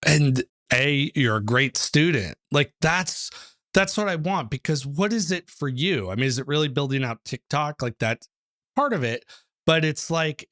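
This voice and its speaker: Animated man explaining with relaxed fillers. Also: medium pitch, no room sound, studio quality. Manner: animated storyteller, acts out quotes, many fillers. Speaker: numerology author and teacher, guest. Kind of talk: casual interview conversation.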